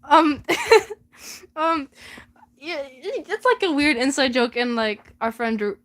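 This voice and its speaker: A woman's voice: high-pitched, animated, slow pace, fairly bright tone. A young woman vlogger reading her old fanfiction aloud with giggly, incredulous commentary.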